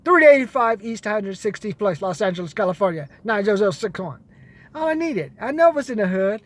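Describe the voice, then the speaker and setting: A man's voice: high voice, sing-song, a little fast. A man giving blunt, profane money advice in a casual monologue to camera.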